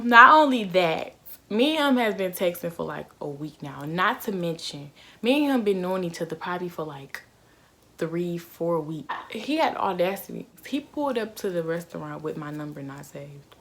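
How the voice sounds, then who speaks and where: A young woman telling a storytime vlog in a casual, animated way, swearing freely and acting out the other person's lines. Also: on the low side. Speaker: vlogger.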